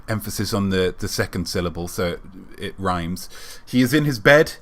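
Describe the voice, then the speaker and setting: A man hosting a live-stream show, chatting with viewers in a playful, mock-grand and deadpan way while reading out their names. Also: sits low, normal speed, hardly any pauses. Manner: reads out viewer names in a running patter. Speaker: livestream host.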